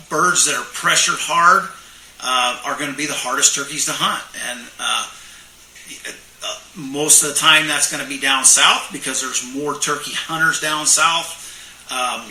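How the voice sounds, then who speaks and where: A man's voice: on the high side, sharp tone. A middle-aged man who makes turkey calls, reading viewer questions aloud and answering in a plainspoken, rambling way with lots of fillers. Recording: echoey room, mic far off.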